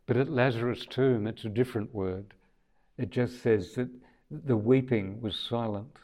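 A man's voice: mid-range voice, dark tone. A man preaching a sermon in a conversational, thoughtful way, often restarting his sentences.

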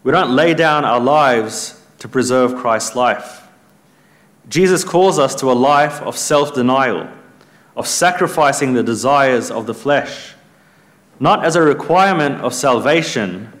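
A man's voice: mid-range voice, expressive, unhurried, a bit bright. A man preaching a sermon in an earnest, emphatic way, lifting his voice when he quotes scripture.

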